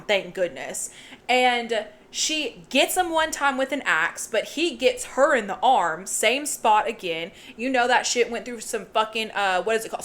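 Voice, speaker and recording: A woman's voice: on the high side, a bit bright. A woman co-hosting a podcast, casually recapping a horror movie with lots of swearing and joking. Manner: profane, laughing, retelling plot with put-on quotes. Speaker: podcast co-host.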